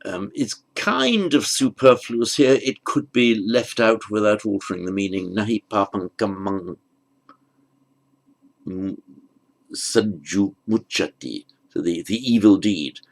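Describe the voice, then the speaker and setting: A man teaching the meaning of an old verse, patiently explaining each word after reciting it slowly. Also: fairly low pitch, expressive, creaky, low-quality recording. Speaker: Pali language teacher. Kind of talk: unhurried lesson on a verse.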